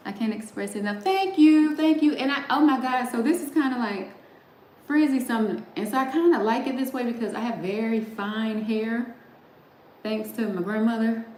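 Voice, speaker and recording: A chatty middle-aged woman hosts a livestream from a roomy space with faint background noise. Her voice is fairly high and a little mellow at normal speed, and she laughs often while talking directly to her chat.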